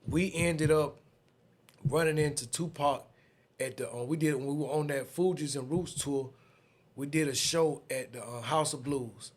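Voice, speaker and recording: Podcast guest: man in his fifties, Southern US accent, slightly high and husky, animated storyteller who acts out other people's voices. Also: normal speed. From Atlanta, USA. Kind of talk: casual storytelling.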